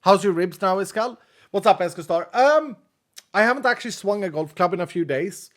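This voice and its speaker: A male streamer talks casually through a game session, reading chat aloud and laughing at jokes. He speaks English with a non-native accent. His voice sits a little higher than most men's. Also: lively intonation, fairly quick, fairly bright tone. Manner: chatty, reads chat aloud, laughs often.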